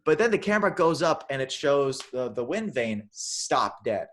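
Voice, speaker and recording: A man retells a film in casual podcast chat. He rambles and restarts, sometimes slipping into exaggerated voices for the characters. His voice sits at an ordinary middle pitch. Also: sing-song, normal speed. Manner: rambling, many restarts, acts out lines in funny voices. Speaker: podcast co-host.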